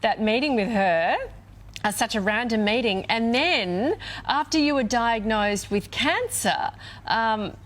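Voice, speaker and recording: A woman co-hosting a breakfast TV show, prompting her guest in a gentle, conversational way. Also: fairly high pitch, lively intonation, a little slow. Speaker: breakfast TV co-host. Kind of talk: TV interview hosting.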